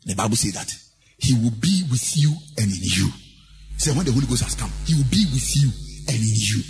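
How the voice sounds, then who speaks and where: A man's voice: mid-range voice, lively intonation, fairly quick, creaky, darkish tone. A male pastor preaching a sermon in a sing-song cadence, repeating lines for emphasis. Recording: long hall reverb with faint hip hop music.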